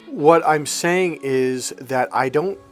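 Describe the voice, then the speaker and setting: A man speaking as a life coach, telling a client story in a lively way and acting out both voices in the exchange. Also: on the high side, slow, soft background music. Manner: animated storyteller, acts out both sides of dialogue. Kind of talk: coaching monologue with anecdote.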